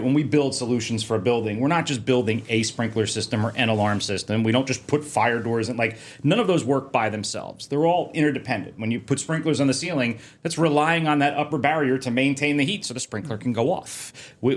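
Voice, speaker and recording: A man who works as a fire protection engineer, chatting casually as a podcast guest and telling lively stories. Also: medium pitch. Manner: fast, animated storyteller, mocks officials in a sing-song voice. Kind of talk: casual interview chat.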